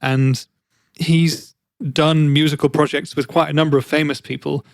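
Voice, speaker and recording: A man's voice: on the high side, little pitch movement, moderate pace, creaky, dry recording, studio quality. A man co-hosting a podcast, chatty and rambling through explanations in casual chat. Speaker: podcast co-host.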